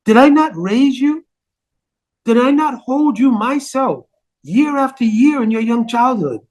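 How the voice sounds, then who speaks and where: A man voicing a bitter, manipulative old female nursemaid from a devotional epic, speaking in a low, insinuating, scolding tone. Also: expressive, measured pace, a little mellow, exaggerated voice. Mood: reproachful.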